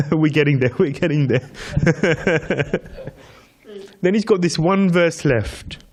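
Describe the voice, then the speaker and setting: A man's voice: on the high side, slow pace. A man giving a devotional scripture class, telling a story with repeated counting and chanting Sanskrit verses, laughing lightly with his listeners. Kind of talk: devotional lecture.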